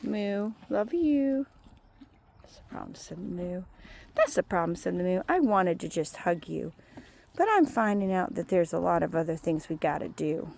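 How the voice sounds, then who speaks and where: Woman, rambling sing-song baby talk to a farm animal, gravelly, faint outdoor noise on a phone. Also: lowish voice, animated, normal speed. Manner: sing-song baby talk to a cow, drifting into soft musings. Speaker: animal lover talking to a cow. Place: outdoors by a cow pasture.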